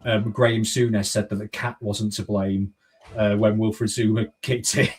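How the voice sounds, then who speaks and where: A man co-hosting a casual football podcast, chipping in with quick jokes. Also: lowish voice, breathy edge. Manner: animated, jokey interjections. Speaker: podcast co-host.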